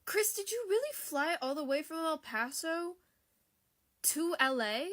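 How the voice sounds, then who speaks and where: A woman voicing a weary, sheepish firefighter father who answers in hushed, evasive mumbles. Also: very high voice, expressive, a little slow, pitched above the performer's own voice, heavily acted.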